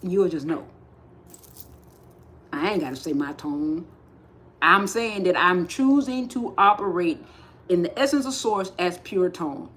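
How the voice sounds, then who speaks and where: A woman giving a slow, repetitive spiritual talk on a livestream, speaking with emphatic insistence. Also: fairly low pitch. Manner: rising to forceful insistence. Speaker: spiritual teacher.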